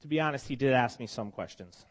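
Pastor with a cold, preaching warmly. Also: male voice, medium pitch, fast talker. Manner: conversational, emotional storytelling with frequent restarts. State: has a cold. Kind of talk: sermon. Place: church congregation meeting in a school.

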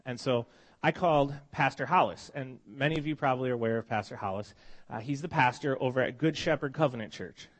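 Pastor with a cold, mid-pitched male voice, casual storytelling sermon with frequent restarts. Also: a little fast. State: has a cold. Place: church congregation meeting in a school.

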